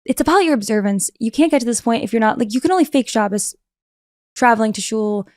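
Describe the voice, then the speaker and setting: Young woman podcast guest, animated chatty storyteller, dry close mic. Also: a little high, dry recording. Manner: fast, animated storytelling with many fillers. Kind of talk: casual interview talk.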